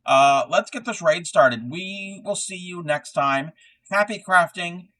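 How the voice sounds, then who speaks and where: A man hosting a crafting live stream, chatting casually while he crochets. He rambles in a low-key way, with lots of fillers and restarts. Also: animated, takes it slowly, fairly bright tone, low-quality recording.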